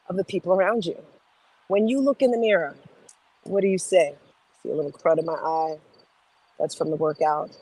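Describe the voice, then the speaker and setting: A woman's voice: mid-range voice, poor audio. A middle-aged woman hosting a live motivational talk outdoors, speaking energetically and emphatically straight to her viewers. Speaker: motivational host. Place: outdoors in morning sun.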